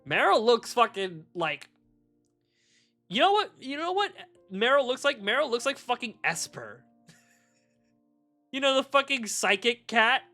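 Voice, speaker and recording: A male streamer chats casually through a home desk mic, his voice bright and sharp. He rambles and swears freely, and his pitch swings widely as he laughs at his own jokes. Soft music plays faintly behind him. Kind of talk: casual live-stream chat while shiny hunting. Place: warm home room.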